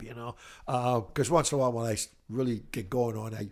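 An older man from Italy with a light Italian accent, a music educator telling animated, rambling stories with many restarts in a casual interview. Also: mid-range voice, brisk. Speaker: music educator, podcast guest.

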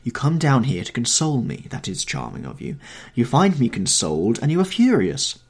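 A vain young gentleman who brushes off grief with airy, languid ease, as a man reads him aloud in a storybook. His delivery swoops widely up and down, and the voice carries a husky edge. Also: medium pitch, huge pitch swings, normal speed, full character voice. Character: young male aesthete, vain and coolly callous.

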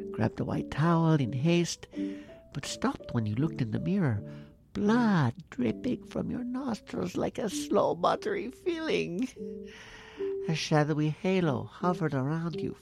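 A woman playing a gravelly sinister Baron. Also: low-pitched, exaggerated voice. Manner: slow, dramatic, cackling. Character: sinister spectral Baron, gleefully menacing. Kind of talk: horror-parody narration.

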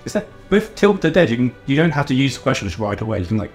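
A man playing in a tabletop game chats casually and eagerly, cracking jokes as he goes. His voice is mid-pitched and swings widely in melody. Faint music runs in the background. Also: sing-song, fast talker. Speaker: player.

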